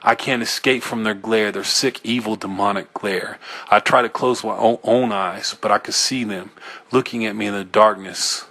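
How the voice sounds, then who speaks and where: A man with a lowish voice reads a first-person horror tale aloud. His delivery is tense and halting, with small slips he corrects as he goes. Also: steady tone, sharp tone. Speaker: audiobook reader.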